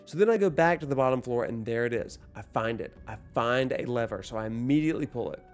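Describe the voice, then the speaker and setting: A man's voice: mid-range voice, fast, soft background music. A man telling a casual, self-deprecating story about his game session, acting out the lines. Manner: animated storyteller, self-deprecating, acts out dialogue. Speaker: gaming vlogger. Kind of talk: casual gameplay recap.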